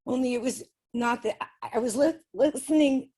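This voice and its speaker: A woman being interviewed describes her spirit communication experiments in a relaxed, chatty way, often laughing lightly between sentences. Her voice is a little high, mellow and husky, at a moderate pace.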